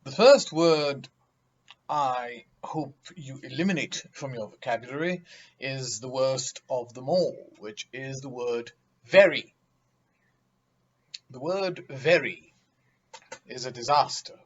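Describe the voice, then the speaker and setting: A man's voice: mid-range voice, lively intonation, slow, pauses often, breathy edge, dull audio. A man giving a vocabulary lesson, speaking emphatically and theatrically, mocking vague words with acted examples. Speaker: teacher.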